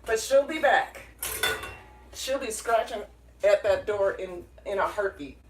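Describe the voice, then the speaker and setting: A woman from Minnesota hosting a casual live cooking stream from her small home kitchen, chatty, rambling and quick to apologize. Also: medium pitch, lively intonation, heavy background noise. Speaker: cooking livestream host. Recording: kitchen clatter of dishes and pans.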